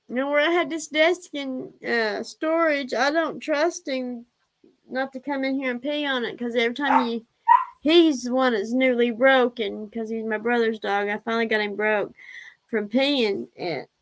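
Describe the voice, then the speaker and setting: A woman's voice: fairly high pitch, steady tone, measured pace, a bit bright, rough recording. A woman hosting a casual livestream, chatty, laughing often and fondly scolding her pets. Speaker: livestream host.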